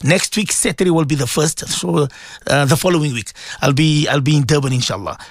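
A middle-aged man from South Africa presenting a radio show, chatting warmly with listeners and reading out their messages with frequent laughs. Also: on the high side, brisk, no room sound, clean studio sound. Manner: chatty, affectionate, laughs often.

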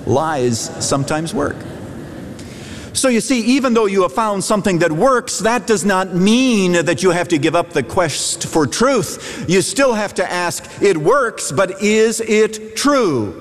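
A man's voice: sits high, lively intonation, measured pace. A man, a pastor, preaching a sermon with emphatic, rising repeated phrases. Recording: echoey hall reverb. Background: long hall reverb.

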